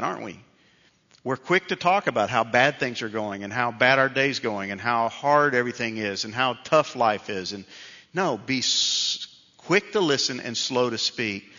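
Here a middle-aged man delivers a sermon as a pastor, with a medium-pitched, sharp-toned voice. He tells stories conversationally and pokes fun at himself, all captured in a dull, echoing hall.

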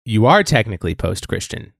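A man's voice: lowish voice, sing-song, fairly quick, creaky, fairly bright tone, no room sound, studio quality. Upbeat man chatting on a podcast. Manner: upbeat, supportive, laughs often, says "like" a lot. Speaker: podcast co-host. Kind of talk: casual chat.

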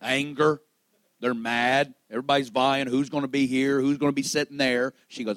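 A man's voice: medium pitch, little pitch movement, moderate pace, no echo. Dramatic preacher man, dry close sound. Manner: dramatic, swings between loud exclamation and hushed storytelling; acts out quoted dialogue in the stories he tells. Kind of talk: sermon.

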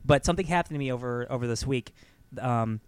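A man co-hosting a podcast in casual chat, telling stories in a rambling, animated way with many fillers. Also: mid-range voice, fast talker, smooth, no echo. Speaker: podcast co-host.

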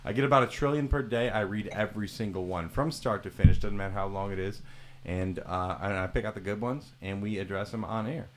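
A man's voice: on the low side, fairly quick, a little hiss or hum. A man hosting a podcast, chatting casually and joking with mock-serious exaggeration. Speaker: podcast host.

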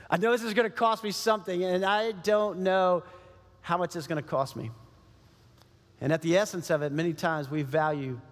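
Male pastor, emphatic sermon delivery with repeated phrases, high voice, long hall reverb.

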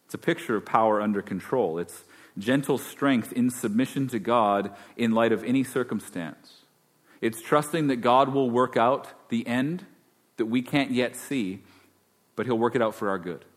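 A man's voice: medium pitch, moderate pace. A man preaching a sermon as pastor, conversational and then emphatic. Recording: long hall reverb.

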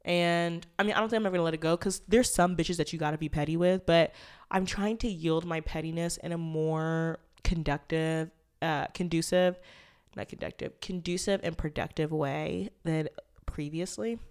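A woman's voice: lowish voice, fairly even intonation, normal speed, a little mellow, clean tone. A young woman in her twenties hosting a casual solo podcast, talking candidly and rambling with lots of fillers and swearing. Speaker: podcast host.

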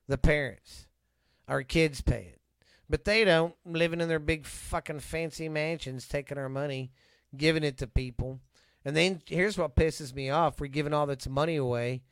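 A man's voice: on the high side, normal speed, smooth, no room sound, clean studio sound. A middle-aged man with a Texan accent, co-hosting a casual podcast, ranting and swearing heavily. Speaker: podcast co-host. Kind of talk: casual profane chat.

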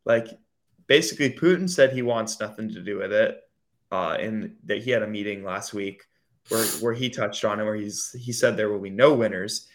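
A man's voice: on the low side, moderate pace. Rambling casual podcast co-host man. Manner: rambling, many fillers, mimics others in mocking quoted voices. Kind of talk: casual chat.

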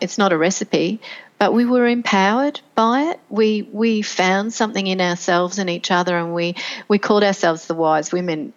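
A woman's voice: medium pitch, dull audio. A middle-aged woman, a podcast guest telling her story in a reflective way with many fillers and restarts. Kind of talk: conversational interview storytelling.

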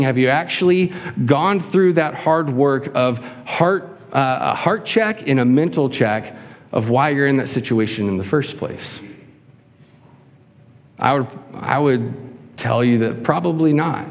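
A man delivers an earnest sermon, stacking rhetorical questions one after another. His voice sits at an ordinary middle pitch. It carries a long reverb, as if it fills a large sanctuary. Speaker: pastor. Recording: hall reverb.

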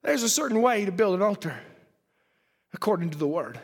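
A man delivers a fervent sermon in a very high voice, reading scripture and breaking into shouts. His voice rings with a long reverb, as if in a large hall. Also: expressive, a little fast, creaky, husky. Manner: fervent, reads scripture aloud, shouts at peaks. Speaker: preacher.

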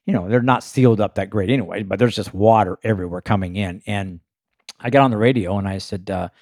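A man who drives race cars, casually telling a lively story in his own voice and filling it with "you know" and "uh". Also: lowish voice, fast talker, no echo, clean studio sound. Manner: animated anecdote-telling with frequent fillers. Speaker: race car driver guest.

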